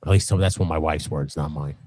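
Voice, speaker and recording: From his home workshop, a middle-aged co-host of a live stream talks fast in a dry-sounding recording, faint music behind him. He's loose and profane, wandering from topic to topic with animated energy, frequent laughs, and squeaky character voices in his stories.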